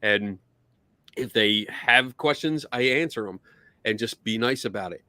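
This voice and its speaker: A man hosting a casual podcast, telling a story with lively acted-out quotes. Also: on the low side, a little slow, no room sound. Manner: animated storytelling, acts out quotes. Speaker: podcast host.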